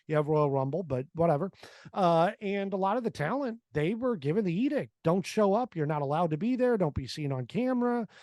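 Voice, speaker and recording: A man's voice: sits high, animated, brisk, a little mellow, no room sound, clean studio sound. A man hosting a casual interview, talking in a loose, rambling way with many fillers. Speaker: interview host.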